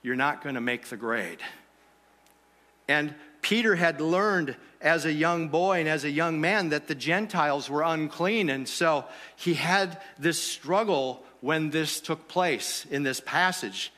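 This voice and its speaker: A pastor preaches to his congregation in an easy, conversational way, often checking in with rhetorical questions. His voice sits a little high and rings bright and forceful. The sound trails off in the long reverb of a church hall. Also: unhurried. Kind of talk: sermon.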